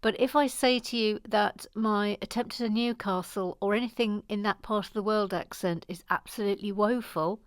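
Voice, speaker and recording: A woman from Deeside hosting a Lego building channel, chatting gently and self-deprecatingly as she reads viewer comments, sometimes dropping to a whisper. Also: mid-range voice, moderate pace, hardly any pauses, dry recording, clean studio sound. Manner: soft-spoken, gentle, self-deprecating, drops to a whisper at times. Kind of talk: casual chat while building and reading comments.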